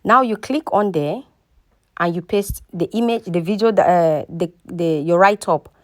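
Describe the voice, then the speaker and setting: A woman's voice: fairly low pitch, a little slow, no room sound, clean studio sound. A woman hosting a casual step-by-step tutorial. She repeats herself often and keeps checking in with the viewer. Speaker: tutorial host. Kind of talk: casual screen-recording tutorial.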